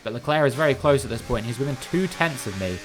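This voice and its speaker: A man's voice: medium pitch, fast, over music. Man commentating racing game with exasperated bursts. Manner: animated, frustrated outbursts between steady play-by-play. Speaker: gaming commentator. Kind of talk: recap commentary over racing gameplay.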